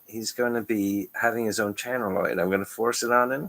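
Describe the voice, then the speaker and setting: Man, low-pitched, rambling vlogger, stream-of-consciousness delivery. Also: fairly quick, a bit bright. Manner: stream-of-consciousness, restarts, frequent chuckles. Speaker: channel host. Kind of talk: rambling monologue to camera.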